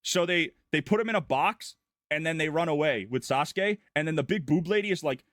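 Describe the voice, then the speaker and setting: A man's voice: on the high side, a little fast, a bit bright, no room sound, studio quality. A man streaming as a vtuber, goofily recapping a story in long run-on sentences. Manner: goofy, irreverent, breathless run-on storytelling. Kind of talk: casual rambling plot recap.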